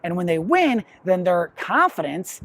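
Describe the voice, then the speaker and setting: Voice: medium pitch, very animated, measured pace, fairly bright tone. A professional dog trainer explaining puppy training basics in a plain, instructive way. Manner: plain, explanatory, acts out quotes.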